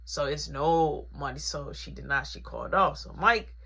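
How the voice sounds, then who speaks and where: A woman telling a personal story in a casual, animated, conversational way. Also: deep voice, normal speed, slightly rough. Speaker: vlogger.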